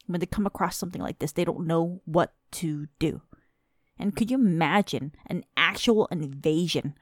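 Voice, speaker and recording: A woman's voice: fairly low pitch, no room sound. Exasperated woman ranting, dry close sound. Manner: exasperated, profane, emphatic. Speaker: podcast host. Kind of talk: casual rant.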